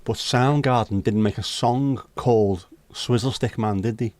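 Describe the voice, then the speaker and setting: This man speaks a little slowly in a darkish, mid-range voice, with no echo. He hosts a virtual pub livestream, going through viewer comments while chatting, joking and bantering with chat.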